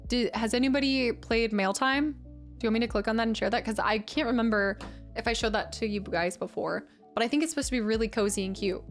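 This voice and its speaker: A woman streamer with a slightly high voice chats casually with her viewers, rambling and easily amused. She talks loosely and warmly to the chat. Faint music plays behind her. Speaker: game streamer.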